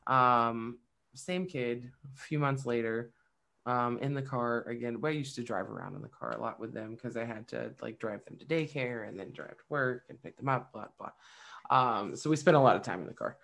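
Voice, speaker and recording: Swearing, storytelling mom in casual chat. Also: female voice, rumbling low, normal speed. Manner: swears freely, lively storytelling with quoted voices. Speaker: podcast co-host.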